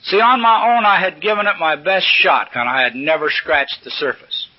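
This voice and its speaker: A man's voice: high voice, moderate pace. An older man speaking at a recovery meeting, telling stories in a folksy, salty, humorous way from a podium. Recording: dull lo-fi old recording.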